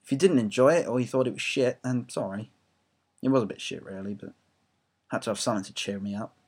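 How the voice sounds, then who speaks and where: A man's voice: mid-range voice, fast, darkish tone, husky. A young English man ranting about football on his own audio blog, rambling, self-mocking and swearing freely. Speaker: football fan blogger.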